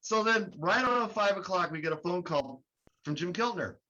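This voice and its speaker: A man guest telling a lively story in casual chat, laughing and acting out the people in it. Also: sits high, normal speed. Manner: animated, laughing, acts out quotes. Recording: muffled with faint noise.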